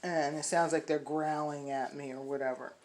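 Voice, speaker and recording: A middle-aged woman with a low, deep-set voice talks to puppy buyers in a loose, rambling way, full of ums and restarts. She records on her phone, and a faint hiss of noise sits behind her. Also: steady tone, moderate pace, a little mellow, rough recording. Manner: chatty, rambling with many fillers and restarts; high sing-song baby talk to the puppies. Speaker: dog breeder. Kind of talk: casual vlog to puppy buyers.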